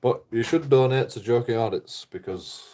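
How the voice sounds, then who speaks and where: A man's voice: mid-range voice, normal speed, background noise. A man rambling through a casual livestream chat, swearing a lot, repeating himself and laughing at his own jokes. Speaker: livestreaming vlogger.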